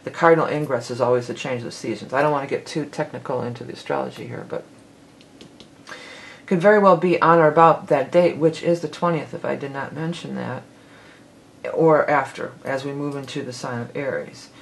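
A woman's voice: very deep voice, fairly quick, gravelly, slight background noise, low-quality recording. A woman giving a casual tarot forecast, rambling and correcting herself as she goes, with the odd laugh. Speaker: tarot reader.

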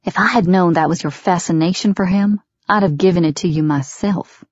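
A woman's voice: on the low side, normal speed, a little mellow, no echo, close to an everyday voice. A woman voicing a sneering, menacing father. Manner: sneering, contemptuous. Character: sneering, menacing middle-aged father, a fanatical villain. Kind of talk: audiobook character voice. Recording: dry, dull lo-fi recording.

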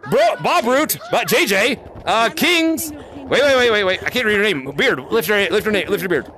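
A man hosting a live-streamed VR game chat, excitable, calling out names and laughing often, on a headset mic. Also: sits high, moderate pace. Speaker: gaming streamer and host.

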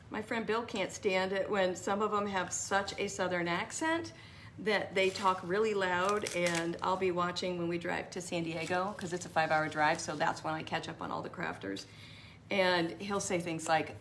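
A woman's voice: mid-range voice, normal speed, fairly bright tone, slight background noise. A woman hosting a live craft tutorial, chatting and rambling as she answers viewers by name.

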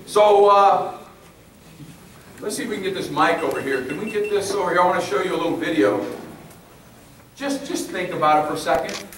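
A man gives an emphatic speech to a crowd at a public meeting, repeating his key phrases. His high, fairly bright voice moves briskly between long pauses. The recording picks him up from far off in an echoey hall with faint noise.

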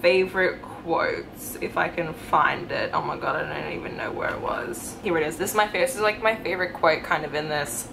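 A woman's voice: sits low, normal speed, gravelly, few pauses, noisy background. Gushing young woman book vlogger. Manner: excited, gushing, rambling with many fillers. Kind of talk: casual reading vlog.

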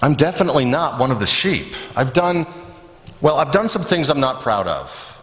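A man's voice: medium pitch, big pitch swings, a bit bright. A man voicing a troubled, guilt-ridden woman who speaks hesitantly, recorded in an echoey church. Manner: hesitant, unsure, halting. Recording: echoey church with long reverb.

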